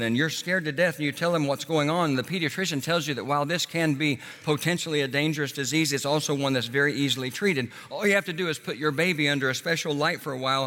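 A man preaching a sermon in an earnest way, slowing down and dropping his voice on key words. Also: pushed and bright. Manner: earnest, slows and drops low on key words. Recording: long hall reverb.

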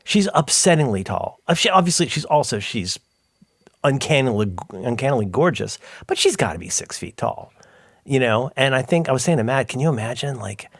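A man's voice: mid-range voice, expressive, normal speed, husky, dry recording, studio quality. A middle-aged man co-hosting a podcast, chatting casually in rambling, self-interrupting, jokey stories. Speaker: podcast co-host. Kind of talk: casual chat.

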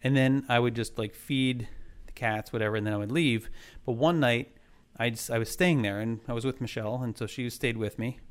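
A man's voice: medium pitch, steady tone, fairly quick, clear, resonant tone. A man in casual chat, telling a ghost story in a rambling way, full of fillers and restarts.

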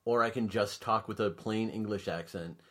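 A man's voice: lowish voice, moderate pace, fairly bright tone. A man chatting casually as a podcast guest, rambling and hesitant with lots of fillers.

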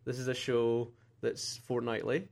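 A man's voice: medium pitch, little pitch movement, unhurried, gravelly, a little mellow. A man co-hosting a casual podcast, laughing often and rambling in a self-deprecating way over a computer mic. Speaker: podcast co-host. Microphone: computer mic on a Skype call.

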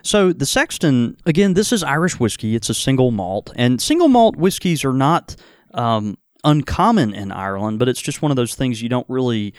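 A man's voice: mid-range voice, expressive, normal speed, smooth, dry recording, clean studio sound. A man hosting a casual whiskey tasting chat, rambling with many fillers and restarts. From American South. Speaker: podcast host.

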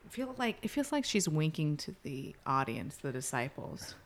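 A woman's voice: deep voice, big pitch swings, moderate pace. A woman co-hosting a comedy podcast, teasing the others and laughing often in casual chat. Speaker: podcast co-host.

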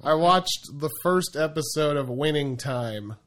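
A man's voice: on the high side, animated, measured pace, fairly bright tone. A man hosting a podcast in casual, rambling banter, laughing and swearing often. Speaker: podcast host.

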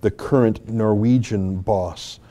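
A man's voice: fairly low pitch, steady tone, slow pace, dark tone. A man from Alberta, hosting political commentary in an emphatic, argumentative way with frequent fillers and restarts. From Alberta, Canada. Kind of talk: opinionated commentary.

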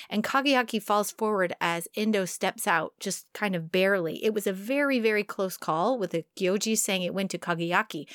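A woman's voice: medium pitch, a bit bright, no echo. Woman co-host, casual sports recap, chatty and upbeat, dry close recording. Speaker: sumo commentator.

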